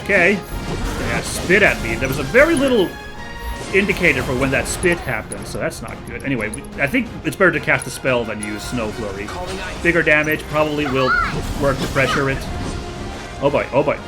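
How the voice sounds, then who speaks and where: A man hosting a let's play, chatting casually and reacting out loud to the action as he plays. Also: medium pitch, brisk, music in the background. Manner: chatty, excitable, reacts aloud to gameplay. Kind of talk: casual gameplay commentary.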